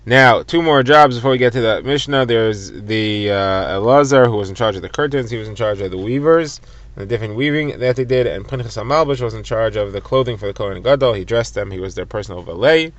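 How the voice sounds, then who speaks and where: A man's voice: on the low side, fast, dull audio. A man teaching a daily Talmud lesson, retelling it conversationally and glossing Hebrew terms in English. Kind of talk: daily Talmud lesson, explained for listeners driving.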